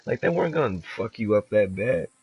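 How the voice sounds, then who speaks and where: A young man casually telling a story while playing a game, animated and profane, full of filler words. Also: on the low side, fairly quick, slight background noise, rough recording. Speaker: streamer.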